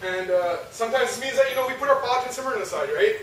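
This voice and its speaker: A young man with a high voice gives a talk to an audience. He keeps it chatty and ends sentences with "right?" He sounds far from the mic in a very echoey, noisy hall. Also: quick pace, fairly bright tone. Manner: conversational, asks the audience, frequent rhetorical "right?". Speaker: lecturer. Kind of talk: religious youth talk.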